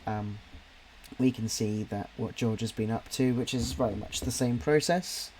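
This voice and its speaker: Soft music plays in the background as this young livestream artist talks while drawing, his mid-range voice a little mellow and his speed normal. He reads out viewer comments in a friendly, rambling way, with lots of ums and restarts.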